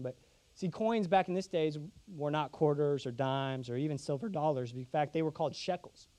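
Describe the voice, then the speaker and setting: A man's voice: on the high side, normal speed, dark tone. A young man preaching a sermon, telling a humorous, self-deprecating story to his congregation.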